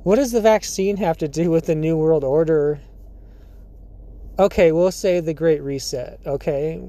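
A podcast host talking alone in a casual monologue, laughing often between thoughts and pausing with fillers and throat clearing. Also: medium pitch, dark tone.

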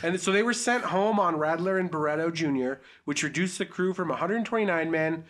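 A man's voice: a little high, brisk, fairly bright tone. Crude joking young man storyteller. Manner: crude, joking, riffs off the script. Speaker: podcast host and storyteller. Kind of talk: casual podcast chat and story reading.

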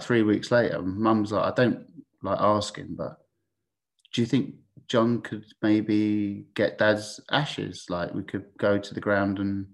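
Sweary low-voiced guest. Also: male voice, vocal fry. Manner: candid, sweary, chatty, frequent restarts. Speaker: podcast guest. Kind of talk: casual anecdotal storytelling.

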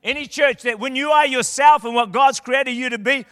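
Impassioned high-voiced male preacher. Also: a little fast, hardly any pauses, no echo, clean studio sound, in a large hall. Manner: impassioned, rising to shouted declarations. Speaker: guest preacher. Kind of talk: sermon. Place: church auditorium.

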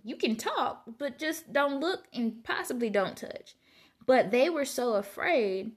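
A woman reading Bible passages aloud and reflecting on them in a casual, conversational way. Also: on the high side. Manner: conversational, reads scripture aloud then muses informally. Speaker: Bible study vlogger.

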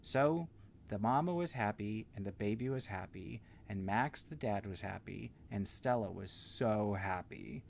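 A man telling an improvised bedtime story to a child in a gentle, meandering way with simple words. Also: fairly low pitch, a little slow, vocal fry, a little hiss or hum.

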